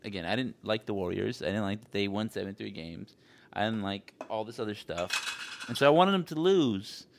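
Over a noisy background, a man with a lowish, vocal-fried voice co-hosts a casual podcast chat at normal speed. He tells a story with energy, swearing casually and imitating other people.

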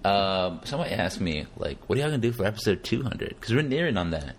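A man's voice: fairly low pitch, sing-song, quick pace, breathy edge. A man hosting a podcast, chatting casually and joking, laughing often. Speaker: podcast host.

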